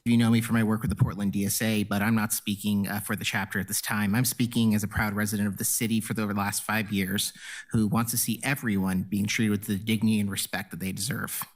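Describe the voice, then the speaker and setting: A man addresses a council in an earnest, formal tone, reading prepared remarks at an even pace. He speaks from the chamber, and his voice is relayed through a stream. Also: fairly low pitch, quick pace. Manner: earnest, formal, reads from notes. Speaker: public commenter at a city council meeting. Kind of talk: prepared public testimony.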